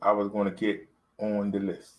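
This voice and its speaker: A man's voice: on the low side, completely flat delivery, moderate pace, darkish tone, rough recording. A man, talking to camera in a loose, rambling vlog, full of fillers and repeats. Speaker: vlogger. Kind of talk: casual talk to camera.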